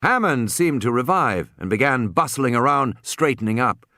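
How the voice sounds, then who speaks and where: A man reading an audiobook aloud in an expressive, dramatic narration. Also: medium pitch, normal speed, few pauses, dry recording, studio quality. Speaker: audiobook reader. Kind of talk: scripted narration.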